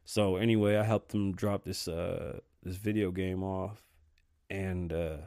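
A young man hosting his own podcast, ranting casually and cursing a lot, flaring up in heated bursts and then sinking back to a low mutter. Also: fairly even intonation, unhurried, darkish tone, smooth, no echo, studio quality. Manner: profane, heated rants that drop to low muttering. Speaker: podcast host.

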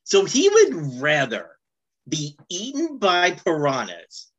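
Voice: mid-range voice, huge pitch swings, takes it slowly, dull audio. A podcast co-host chatting casually about toys, with playful, jokey enthusiasm. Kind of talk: casual fan podcast chat.

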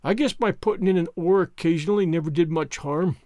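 Male reader doing a gruff, shy old farmer, low folksy mutter, storybook. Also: fast, darkish tone, no room sound, clean studio sound, close to an everyday voice. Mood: proud, muttering.

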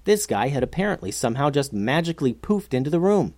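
A storyteller narrating an adventure story for children in an animated, expressive way. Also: mid-range voice, quick pace, dry recording.

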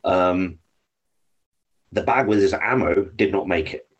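A man's voice: sits low, slow, slightly rough, dull audio. An English man, a guest on a podcast, telling hunting stories in casual talk, swearing freely as he goes. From United Kingdom. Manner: swears freely, lively anecdotes. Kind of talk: casual storytelling.

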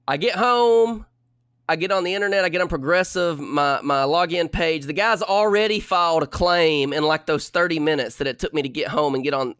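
Animated young man, higher voice. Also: clean tone, no room sound, clean studio sound. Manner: animated, exasperated retelling. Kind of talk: casual storytelling.

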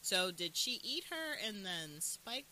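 A co-host in a casual chat, retelling scenes in a lively way and quoting characters. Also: mid-range voice, takes it slowly, poor audio. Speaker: podcast co-host. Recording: faint hiss in background.

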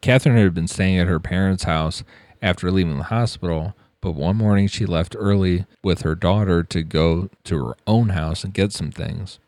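A man's voice: low-pitched, no room sound. A man narrating a true crime case on a podcast, with blunt, profane asides.

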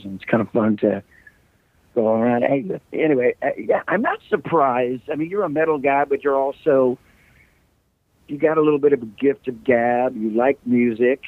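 A man's voice: medium pitch, dry recording. A middle-aged man, a rock singer, chatting loosely as a guest, his voice a little scratchy, joking and rambling through stories. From United States. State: slightly scratchy voice. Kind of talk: casual interview chat. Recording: dry, tinny call line.

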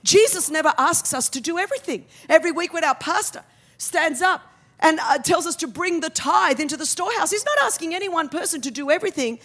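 A middle-aged woman preaching a sermon with humor, building to loud, emphatic peaks. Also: extremely high pitch, animated, brisk.

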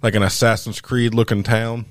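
A man with a fairly low voice chats casually on a podcast. He sounds stoned and rambles in a loose, meandering way. The recording is dry and close. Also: little pitch movement, normal speed, no room sound. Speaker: podcast co-host. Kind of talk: casual chat.

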